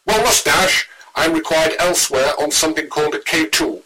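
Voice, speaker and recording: Husky, bright-voiced gentleman. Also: on the high side, normal speed, poor audio. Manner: old-fashioned, genteel phrasing. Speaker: show promo announcer. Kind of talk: scripted promo.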